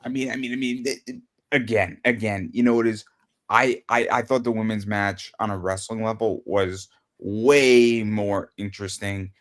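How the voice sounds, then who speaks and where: A man co-hosting a casual wrestling chat, excitable and tripping over his words as he retells stories. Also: fairly low pitch, moderate pace. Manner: excitable, stammering restarts, laughs at own stories. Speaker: podcast co-host.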